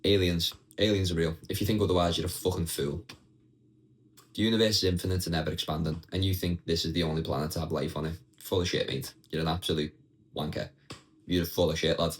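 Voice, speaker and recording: A man's voice: sits low, steady tone, fast talker, poor audio. A young man ranting casually and bluntly to his viewers, swearing freely and talking straight at the camera. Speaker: vlogger.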